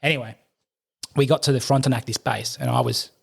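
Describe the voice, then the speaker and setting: Fast-talking Australian man telling stories. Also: mid-range voice, steady tone, vocal fry, slightly rough. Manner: rapid, rambling anecdotes with laughter. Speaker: podcast guest, army veteran and firefighter. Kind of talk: casual storytelling chat.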